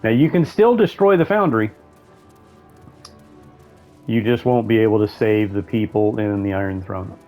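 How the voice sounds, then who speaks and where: A man's voice: lowish voice, moderate pace, pauses often, dark tone, soft background music. A man giving casual let's-play commentary, rambling and thinking aloud as he plays, correcting himself as he goes. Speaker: gameplay commentator.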